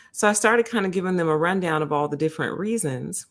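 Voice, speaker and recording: Animated woman telling a story. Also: lowish voice, fast talker. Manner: animated, laughs often, acts out both sides of a conversation. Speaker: channel host. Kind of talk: casual storytelling to viewers.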